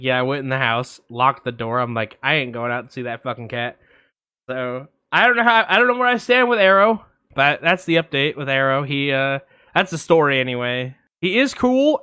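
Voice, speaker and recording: A young man co-hosting a podcast, telling a long story in a casual, animated way, swearing freely and acting out the voices of others. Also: fairly high pitch, clean tone, no room sound, studio quality. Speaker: podcast co-host.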